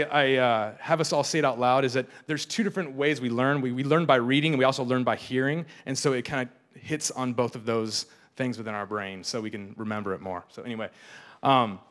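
A man's voice: mid-range voice, a little fast, fairly bright tone. A young adult man preaching a casual, joking sermon, often repeating and restarting his words. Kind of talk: conversational sermon.

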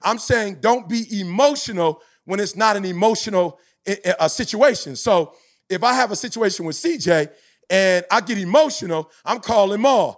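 A man in his forties giving a passionate podcast talk as a motivational speaker, emphatic with a preacher-like cadence that rises into shouts. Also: high voice, expressive, moderate pace. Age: 40s.

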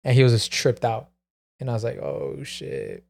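A man's voice: mid-range voice, little pitch movement, fast, a little mellow. Man, podcast co-host, casual rambling storytelling, filler-heavy. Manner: rambling, peppered with "like" and "bro".

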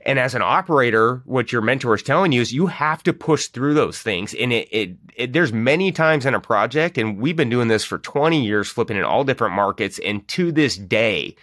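A man's voice: mid-range voice, animated, fairly bright tone, no room sound. A man hosting a podcast speaks in an emphatic, explaining way, leaning on key words. His voice is close and dry, with no room around it. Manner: emphatic, explanatory, slows down to stress points. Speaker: podcast host. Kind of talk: casual podcast talk.

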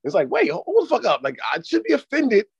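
Husky guy talking quick on a podcast, swears a lot, kinda lo-fi. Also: very high voice. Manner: profane, animated storytelling. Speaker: podcast co-host. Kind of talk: casual chat.

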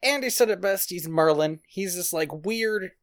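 Podcast co-host at a middle pitch, wry and sarcastic while recapping a film. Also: lively intonation, normal speed. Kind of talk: casual chat reviewing a film.

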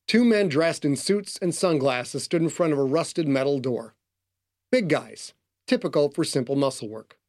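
A man giving scripted audiobook narration in a dry, matter-of-fact way. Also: a little high.

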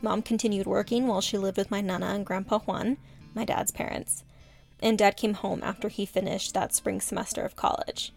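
A woman narrates her family's history, calm and explanatory. Her mid-pitched voice carries a heavy, gravelly vocal fry. Faint guitar music plays beneath her. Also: fairly quick. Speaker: documentary narrator, the speaker's daughter. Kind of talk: scripted narration.

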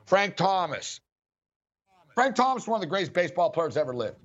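Man, sports talk host, high-ish voice, animated storyteller, muffled lo-fi recording. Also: quick pace. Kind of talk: casual storytelling chat. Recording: dull lo-fi audio.

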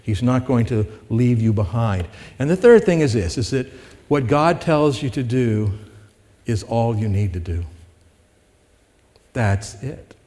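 A man's voice: medium pitch, lively intonation, unhurried, pauses often, dark tone. A man preaching a sermon to his congregation, conversational and rising to emphatic peaks. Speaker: pastor. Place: church sanctuary with congregation. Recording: long hall reverb.

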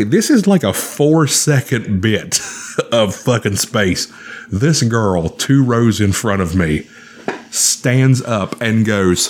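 Casting: very low-voiced man, swearing, animated storyteller on a chat show.

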